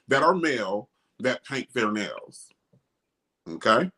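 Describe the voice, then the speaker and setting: A man's voice: medium pitch, normal speed. A middle-aged man hosting a casual talk show, speaking emphatically and animatedly. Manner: animated, emphatic, quotes others in mocking voices. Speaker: host. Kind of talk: casual discussion.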